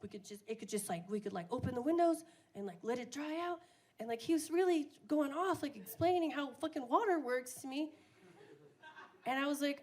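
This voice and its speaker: A woman's voice: high voice, expressive, fairly quick, a little mellow. A young woman doing a crude, self-mocking stand-up comedy set on a bar stage, often laughing at her own jokes.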